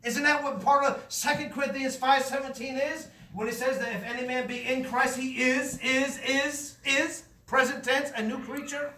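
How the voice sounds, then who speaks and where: High bright voiced preacher man, fervent and emphatic, echoey church sound from a bit off mic. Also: little pitch movement, moderate pace, hardly any pauses, distant mic, a little hiss or hum. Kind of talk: sermon with testimony.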